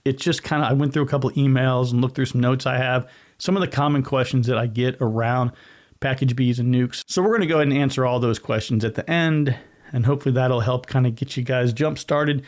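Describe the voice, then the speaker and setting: A man hosting his own podcast, chatting on his own in a loose, rambling way. He often corrects himself mid-sentence and talks with his hands. His voice sits at an ordinary middle pitch. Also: a little fast. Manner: rambling, self-correcting, conversational; gestures with hands while talking. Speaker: podcast host. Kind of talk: casual solo podcast talk.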